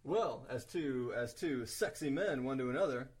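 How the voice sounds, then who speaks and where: A man playing a tabletop game, describing his moves in a playful, halting way. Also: mid-range voice, lively intonation, husky. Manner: hesitant, playful. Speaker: player.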